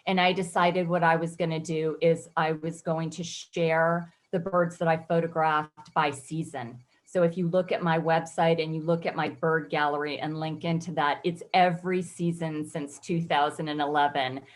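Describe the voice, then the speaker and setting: Low-voiced earnest woman telling her story. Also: flat delivery, normal speed, hardly any pauses. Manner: reflective, earnest, emotional at times. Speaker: guest photographer. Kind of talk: personal interview storytelling.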